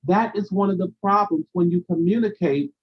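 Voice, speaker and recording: A man's voice: sits high, normal speed, husky, dull audio. A man hosting a live stream, giving a motivational talk in a preacherly way, repeating phrases for emphasis and answering viewers' comments.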